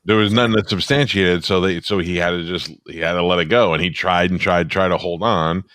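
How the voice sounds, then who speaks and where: A man's voice: low-pitched, fairly even intonation, a little fast, a bit bright. A middle-aged man co-hosting a talk show, speaking in a blunt, profane, matter-of-fact way. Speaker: co-host. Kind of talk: casual talk-show chat.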